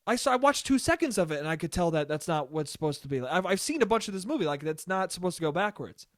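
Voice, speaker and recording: A young man hosting a solo podcast, telling a rambling, profane story in a casual, animated way. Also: sits high, fast, few pauses, no echo, clean studio sound. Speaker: podcast host.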